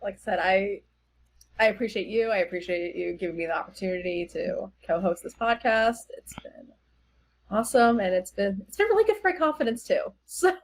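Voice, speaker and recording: A woman co-hosting a podcast in casual chat, soft-spoken and supportive. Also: medium pitch, expressive, fairly quick, slight background noise. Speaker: podcast co-host.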